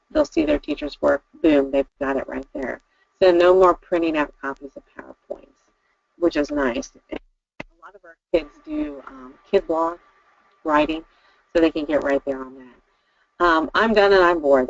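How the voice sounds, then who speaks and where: A middle-aged woman teacher talks shop with fellow educators, her voice heavily gravelly and swinging up and down with lively pitch. She is chatty and practical, dropping ums and upbeat asides. The dry recording sounds dull and lo-fi. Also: no echo. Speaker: in-school suspension teacher. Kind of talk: conversational presentation to educators.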